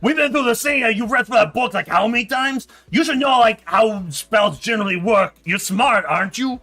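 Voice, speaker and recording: A man's voice: high voice, expressive, normal speed, sharp tone, soft background music, pitched above the performer's own voice, heavily acted. A man voicing a brash male companion with a Bronx accent, pushing a friend along. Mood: coaxing. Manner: pushy, coaxing.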